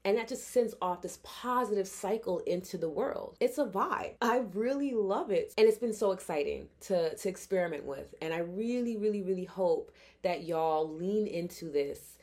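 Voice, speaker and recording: A young adult woman hosting a solo podcast, talking in an earnest, expressive, casual way and swearing now and then. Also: medium pitch, moderate pace, hardly any pauses. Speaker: podcast host.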